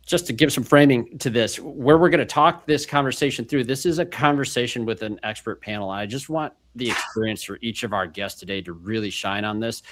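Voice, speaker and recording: A man's voice: lowish voice, fairly bright tone. A man hosting a podcast panel in an upbeat, enthusiastic manner. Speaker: podcast host. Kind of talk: casual podcast interview.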